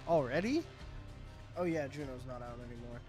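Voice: mid-range voice, lively intonation, moderate pace, music in the background. A streamer with a stuffy, sniffly nose, chatting playfully with viewers during a casual live gaming stream. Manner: chatty, playful, talks to chat.

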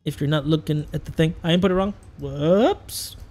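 A man giving playful, excitable live commentary on a fighting-game tournament, chanting along and laughing often. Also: a little high, normal speed, soft background music.

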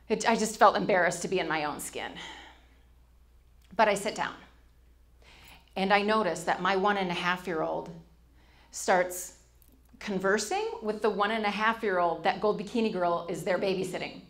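Animated woman telling a story on stage. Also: medium pitch, measured pace. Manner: animated, acts out quoted voices. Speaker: speaker.

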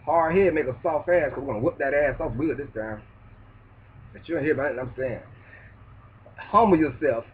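A man ranting in a loud, preachy, profane street manner in a vlog monologue. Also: fairly high pitch, normal speed, long pauses, slightly rough. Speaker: vlogger. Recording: distant tinny phone-like sound.

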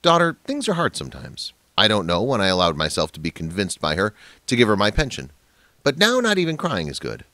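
A man's voice: lowish voice, huge pitch swings, fairly quick, bright, forceful tone, no echo, full character voice. A man voicing a grieving, mistreated elderly father in a storybook narration. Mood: sorrowful. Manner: pleading, then firm and angry.

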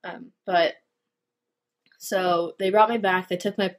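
A teenage girl with a fairly low voice that stays flat and even, with little rise or fall. She tells her story in a confessional vlog, speaking haltingly and filling her pauses with "um" and "like". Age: teens. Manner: hesitant, halting, many fillers. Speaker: vlogger.

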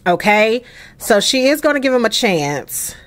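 A woman hosting a casual let's play, chatty and expressive, cursing and laughing at the game's drama. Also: fairly high pitch, a little slow. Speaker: gaming channel host.

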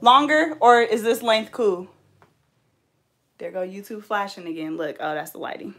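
Young Bay woman, mid-pitched, casual braiding-vlog chatter, sassy animated storyteller. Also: moderate pace. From California. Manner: animated, laughing storyteller with playful sass. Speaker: hair braider and vlogger. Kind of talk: casual chat while braiding.

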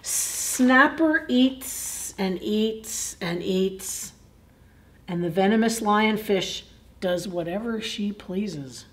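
A woman librarian reading a picture book aloud at children's story time, gently asking listeners questions. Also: mid-range voice. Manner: slow, deliberate reading.

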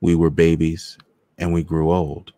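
An anxious young girl pleading for mercy, read by a man. The deep voice stays close and dry throughout. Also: completely flat delivery, unhurried, dark tone, no room sound. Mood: quiet. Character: frightened young girl narrator.

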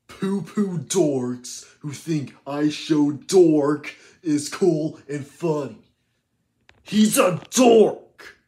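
A man's voice: mid-range voice, a little mellow. A man playing a cocky, scornful teenage boy in a fan parody roast, mocking and name-calling.

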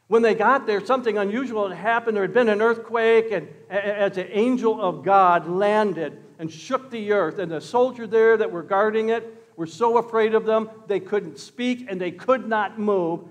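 A pastor telling a story in a sermon, swinging from loud exclamations to hushed words. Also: male voice, high voice, moderate pace, big-room sound. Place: church.

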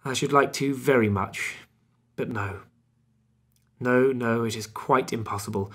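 A man voicing a gloomy, frightened Victorian doctor, speaking low and wearily in a husky voice. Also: measured pace. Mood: dreary. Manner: low, weary and drearily quiet.

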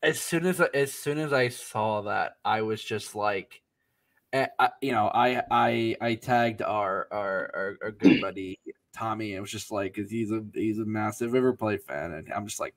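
A man co-hosting a casual sports podcast, animated and full of stammers and restarts. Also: on the low side, moderate pace. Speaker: podcast co-host. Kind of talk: casual chat.

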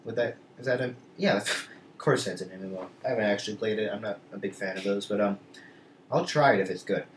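Remaja pria bercerita berputar-putar di ruang bergema. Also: male voice, on the low side, fast talker, slight background noise. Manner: rambling, many restarts and asides. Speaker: vlogger. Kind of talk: casual storytelling vlog. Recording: echoey room, mic at a distance.

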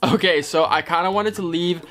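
A young equestrian vlogger with an accent blending British and American reads viewer comments aloud in a relaxed way, replying with wry, self-deprecating sarcasm. His voice is high, brisk and slightly bright.

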